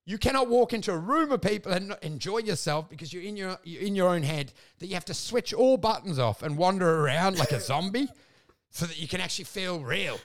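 A man's voice: high voice, lively intonation, a little fast. A man, ranting and laughing as he co-hosts a casual podcast chat, swearing often and acting out the people he quotes. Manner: ranting, crude, laughing, acts out quoted voices. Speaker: podcast co-host.

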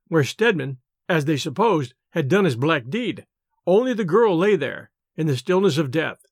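A man reading classic stories aloud in a measured, dramatic narration. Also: fairly high pitch, no room sound, clean studio sound. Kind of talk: scripted story narration.

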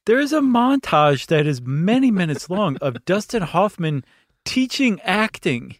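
A man's voice: sits high, very animated, measured pace, no room sound, clean studio sound. A man co-hosting a podcast, giving candid, self-deprecating opinions in casual movie chat. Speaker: podcast co-host.

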